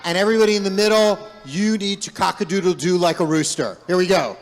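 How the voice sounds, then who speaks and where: In a large synagogue sanctuary with long hall reverb and soft background music, a rabbi playfully tells his congregation a folk tale. He talks fast in a high-pitched voice and directs them in making animal sounds.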